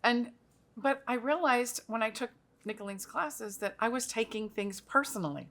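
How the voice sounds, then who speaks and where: A woman's voice: on the high side, expressive, moderate pace, fairly bright tone. A middle-aged woman hosting a talk show, telling a personal story with emotion in a casual chat.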